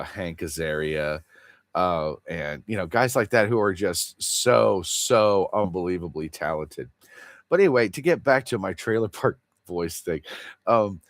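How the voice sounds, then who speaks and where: A man's voice: fairly low pitch, dry recording, clean studio sound. A man hosting a casual livestream chat, rambling in an earnest and confessional way. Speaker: livestream host.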